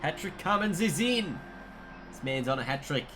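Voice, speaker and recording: A man with an Australian accent commentating a cricket video game as he plays, mixing play-by-play calls with excitable asides. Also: on the high side, moderate pace, noisy background. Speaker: gaming commentator.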